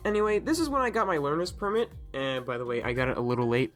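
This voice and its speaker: A young man from Tennessee narrating an animated storytime with jokes and self-deprecating asides. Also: mid-range voice, fast talker, hardly any pauses, faint music behind.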